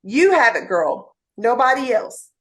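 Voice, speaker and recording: A woman guest on a podcast, her voice pitched slightly high. She speaks from the heart with motivational urgency and addresses listeners directly. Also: very animated, unhurried, fairly bright tone. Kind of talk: podcast interview.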